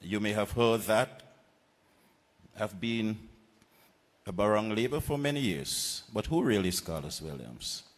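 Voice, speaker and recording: A man with a Vincentian accent giving a political rally speech, measured and deliberate with pauses and repetitions. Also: on the low side, lively intonation, in a large hall. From Saint Vincent and the Grenadines. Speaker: political candidate. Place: outdoor political rally platform.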